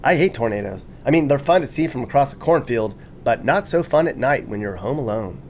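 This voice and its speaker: A man's voice: mid-range voice, animated, a little fast. Man, mid-range voice, joking commentary, laughs a lot, faint noise behind. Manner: jokey and amused, laughs often, reads quotes aloud with mock enthusiasm. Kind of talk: casual commentary.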